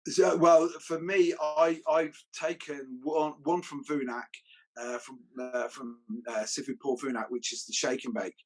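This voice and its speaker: A man who teaches martial arts, chatting casually and telling stories with lively acted-out quotes. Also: on the high side, unhurried, low-quality recording. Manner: animated storyteller, acts out quotes. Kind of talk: casual chat.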